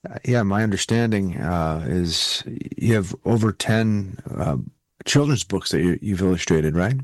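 A very deep-voiced man with a stuffed-up nose asks his guest polite questions. His voice is recorded dry and close, with no room around it. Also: expressive, unhurried, dry recording. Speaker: interviewer. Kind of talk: interview questions.

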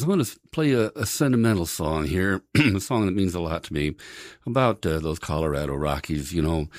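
An older male radio host rambles through memories with plenty of ums and uhs. His voice is very deep and sits close on a dry studio mic. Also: no echo. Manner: rambling, reminiscing, many fillers. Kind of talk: casual radio talk.

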